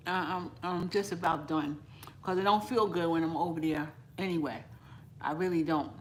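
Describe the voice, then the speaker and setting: A woman's voice: on the low side, moderate pace, a little hiss or hum. A woman chatting with live viewers while eating in her home kitchen, rambling casually and talking with her mouth full. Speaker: cooking vlogger.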